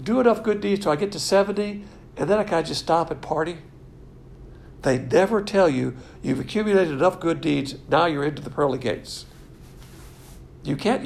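Male preacher, casual sermon, gravelly voice, faint noise behind. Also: high-pitched, moderate pace. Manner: animated, jokey, mimics imagined people in quoted voices.

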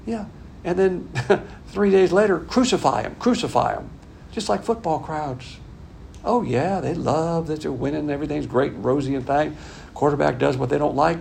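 Older guy preaching, folksy and punchy, gravelly voice a bit high, faint hiss behind. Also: moderate pace, a little mellow. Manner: folksy, emphatic, repeats points. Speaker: pastor. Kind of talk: conversational sermon.

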